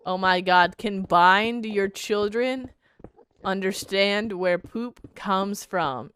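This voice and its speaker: A woman live streamer chats casually while gaming, talking into a desk microphone with a laid-back drawl and a stuffy nose, often saying "bruh." Her voice is medium-pitched and a bit bright, with slight background noise.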